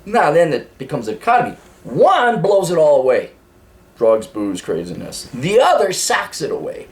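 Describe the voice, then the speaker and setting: Blunt, profane man with a lively voice. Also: a little high, moderate pace. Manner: profane, blunt and rambling, with frequent laughs. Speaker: podcast host giving advice. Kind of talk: blunt advice monologue.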